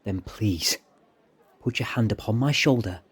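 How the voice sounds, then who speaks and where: A man's voice: fairly low pitch, unhurried, a bit bright, slightly rough, full character voice. A man voicing a sly, charming male plotter with a raised, theatrical delivery. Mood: urgent.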